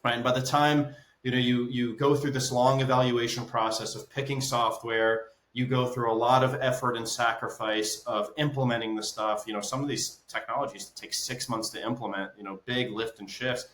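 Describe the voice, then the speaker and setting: A man's voice: medium pitch, level tone, normal speed, few pauses, a bit bright. A male business consultant as an interview guest, explaining through stories and checking in with "right?". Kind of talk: conversational interview. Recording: roomy echo.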